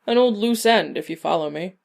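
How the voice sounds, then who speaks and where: A woman reading a story, voicing a tall, handsome male devil with a silky, teasing, quietly menacing manner. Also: medium pitch, lively intonation, brisk, vocal fry. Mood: sly.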